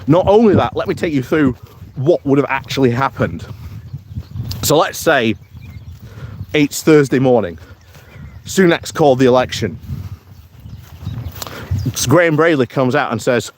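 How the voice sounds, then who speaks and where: A man's voice: mid-range voice, expressive, measured pace, pauses often, slight background noise. A man giving casual political commentary on a live stream while out on a morning walk. He talks in a chatty way, chuckles often and reads out viewer comments. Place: outdoors in the countryside on a walk.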